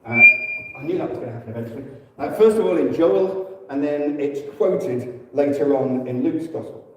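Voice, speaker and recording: A man with an English accent giving a relaxed, conversational teaching talk in church, with fillers and quick self-corrections. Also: a little high, a little hiss or hum. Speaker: church speaker. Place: church hall. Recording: echoey hall, distant mic.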